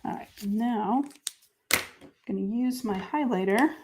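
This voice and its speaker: A woman's voice: medium pitch, measured pace, noisy background. Chatty woman hosting a crafting stream. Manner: chatty, talks through each step as she works; drops to quiet murmurs while writing. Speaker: crafting show host. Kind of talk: live crafting chat, answering viewer comments.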